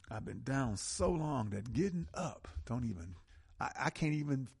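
Gravelly, impassioned male radio host. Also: medium pitch, darkish tone. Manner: impassioned, preaching cadence with emphatic slow stresses. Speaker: radio talk show host. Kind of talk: call-in radio talk.

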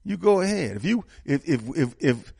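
A man's voice: a little high, very animated, moderate pace, gravelly, darkish tone, breathy edge, no room sound, clean studio sound. A man hosting a casual political talk show, speaking with passion and often repeating words as he builds momentum. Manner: impassioned, repeats words when fired up.

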